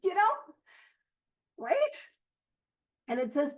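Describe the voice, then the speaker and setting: A woman's voice: high-pitched, normal speed, muffled recording. A woman hosting a recovery book study in casual, earnest talk, chatty and self-deprecating, prone to tangents. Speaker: host leading a recovery literature study. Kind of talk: casual study-group talk with read-aloud passages.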